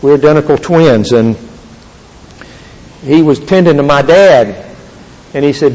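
A man's voice: on the high side, darkish tone. Earnest older man in a reverberant hall. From Texas. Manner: earnest, halting, with restarts. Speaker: speaker giving a testimony. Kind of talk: Christian testimony talk. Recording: long reverb of a large hall.

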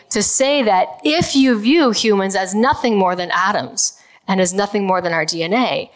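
A woman's voice: medium pitch, a bit bright. A woman giving a conversational physics lecture to a live audience, checking in with listeners and laughing lightly now and then. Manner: conversational, explains with everyday examples, checks in with "okay". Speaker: physicist giving a public talk.

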